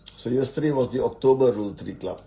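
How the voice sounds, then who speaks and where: A mid-range, warm, creaky voice talks fast over slight background noise as this man greets a long list of viewers on his network marketing live stream. He is indoors at home, speaking into a phone and sounding upbeat before a casual motivational talk.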